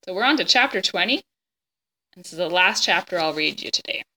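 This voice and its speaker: A woman reading a children's chapter book aloud in a gentle, expressive way, stopping now and then to explain the pictures and the story. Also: lowish voice, fairly quick.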